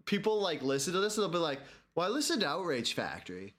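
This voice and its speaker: A man co-hosting a podcast from his apartment, his slightly high voice bouncing all over as he jokes. He talks in quick bits and pops into goofy voices. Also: very animated, a bit bright. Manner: jokey, puts on quick silly voices. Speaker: podcast co-host. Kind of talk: casual chat. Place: echoey apartment. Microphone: studio mic with headphones.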